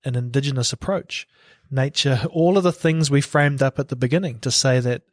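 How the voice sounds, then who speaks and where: A man's voice: medium pitch, a little fast, dry recording. Guy hosting a podcast, asks the next thing, dry close sound, mid voice. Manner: prompting, sums up the guest's points. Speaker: podcast host. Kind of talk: casual podcast interview.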